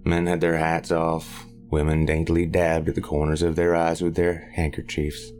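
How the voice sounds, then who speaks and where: A man with a very deep, low voice narrating a scripted horror tale. He reads in a measured, grave way over faint music. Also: completely flat delivery, darkish tone.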